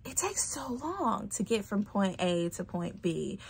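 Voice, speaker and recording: A young adult woman talks straight into her phone camera in a casual, chatty vlog. She is expressive, laughs easily and drops to a whisper for playful asides, with a voice of middle pitch. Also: measured pace, gravelly, breathy edge. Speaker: fitness vlogger.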